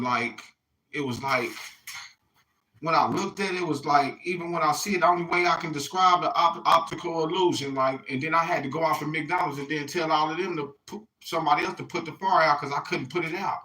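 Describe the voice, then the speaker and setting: A male vlogger rambles casually to his viewers, cursing freely and circling back with "you hear me." His slightly high voice is bright and sharp, he talks a little fast, and the audio is poor.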